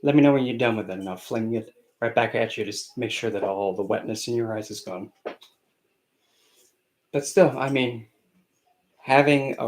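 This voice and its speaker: A man's voice: mid-range voice, darkish tone, poor audio. A man channeling a spirit on a live stream, talking in a sassy, scolding way and calling listeners honey.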